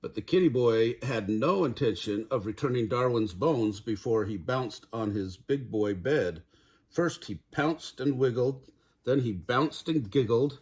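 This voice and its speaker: An older man reading a storybook aloud to children in a gentle, chuckling way. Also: mid-range voice, expressive, unhurried, breathy edge.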